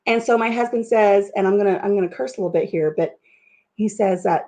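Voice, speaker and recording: A woman spins a story in a relaxed chat, animated and self-mocking. She laughs through her own mishaps and swears without a second thought. Her voice sits at an ordinary middle pitch for a woman. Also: fast. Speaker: vlogger.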